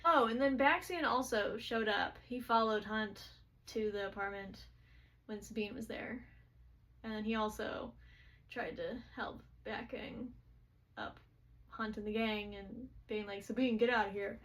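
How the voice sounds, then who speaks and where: A woman casually recapping book chapters, chatty and full of quick quoted asides. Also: medium pitch, steady tone, fairly bright tone.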